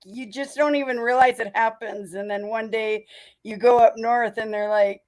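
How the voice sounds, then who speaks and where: A woman's voice: a little high, steady tone, moderate pace. A woman from North Dakota with a mix of North Dakota and Southern US accent, hosting a casual livestream chat, chatty and laughing often between fillers. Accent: mixed North Dakota and Southern US. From North Dakota, USA. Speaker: livestream host.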